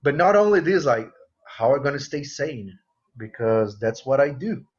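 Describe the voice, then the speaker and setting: A man's voice: mid-range voice, moderate pace, breathy edge, lo-fi sound. A man, a guitarist guest, speaks earnestly with phrasing about his work, in a casual interview. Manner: earnest, expressive, non-native phrasing.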